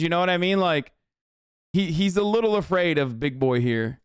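A man's voice: on the high side, moderate pace, clean tone, no echo. A man casually reacting to a cooking show on a live stream, swearing and rambling with lots of fillers. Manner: profane, animated, rambling with many fillers.

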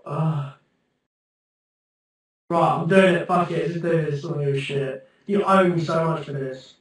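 A young man with a fairly high, steady voice chats unhurriedly on a livestream, rambling, mocking himself and swearing plenty. He sounds far off in a very echoey room, with faint music behind him.

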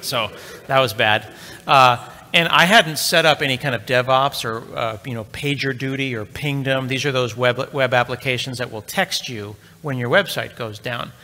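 A man's voice: medium pitch, moderate pace, bright, forceful tone. A middle-aged man giving a live conference tech talk, telling a story in a chatty, joking way and speaking straight to the crowd. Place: large conference hall. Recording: long reverb of a large hall.

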